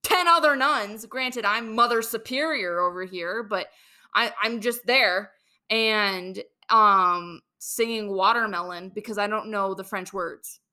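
Bright young woman chatting on her podcast, lively storyteller. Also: mid-range voice, unhurried. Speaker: podcast host. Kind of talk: casual chat.

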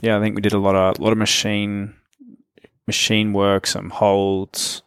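A male coach in casual conversation, relaxed and encouraging, with lots of fillers. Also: fairly low pitch, normal speed, clean tone, no room sound, clean studio sound. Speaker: coach, trainer.

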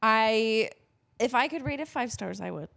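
A woman's voice: a little high, animated, measured pace, creaky, a bit bright. Irreverent woman bantering on a podcast. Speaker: podcast co-host. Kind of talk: casual chat.

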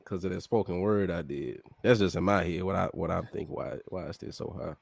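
A man's voice: sits low, a little fast, creaky, no room sound. A man from Memphis with a Southern accent, a podcast guest talking emphatically and profanely in casual chat. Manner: emphatic, profane, calls people fool and bro.

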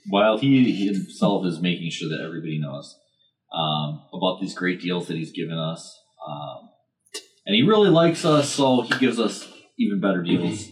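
A man's voice: low-pitched, normal speed. A man telling a rambling story on a podcast, hesitant and full of fillers. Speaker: podcast co-host. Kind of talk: casual chat.

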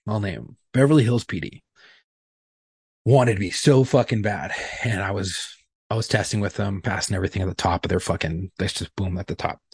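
A man's voice: lowish voice, a little fast, slightly rough, no echo, studio quality. A man co-hosting a podcast, telling stories in casual chat with heated, profane talk. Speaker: podcast co-host.

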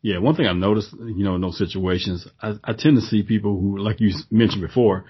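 A man in casual conversation, telling stories in a calm, laid-back way and laughing often. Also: lowish voice, brisk, dull audio, a little hiss or hum.

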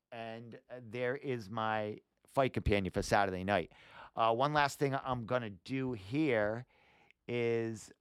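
A podcast host casually guides viewers through a website on what seems to be a livestream screen walkthrough, thinking out loud with lots of fillers and frequent swearing. His mid-range voice is clear and resonant, and the dry recording has a clean studio sound.

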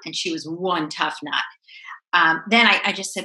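Woman, forties, from Long Island, podcast guest, lifestyle blogger, animated storyteller, lowish bright voice. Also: normal speed, rough recording. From Long Island, New York. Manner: animated storyteller, acts out quoted lines.

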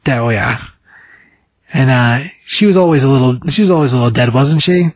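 A man reading aloud the lines of a sinister, tempting voice from a grave in a comic book, in a coaxing, slow way. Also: medium pitch, dry recording, close to an everyday voice.

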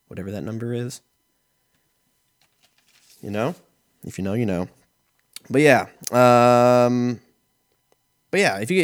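A low-voiced man in his thirties hosts a podcast, casually spinning rambling, profane comic stories at his own expense. The recording has studio quality with no echo.

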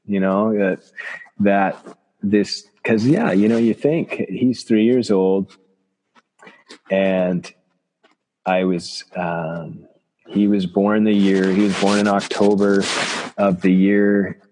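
A man, a chiropractor from Canada, telling personal stories in an interview, halting and reflective with many restarts. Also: lowish voice, steady tone, dark tone. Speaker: guest, chiropractor.

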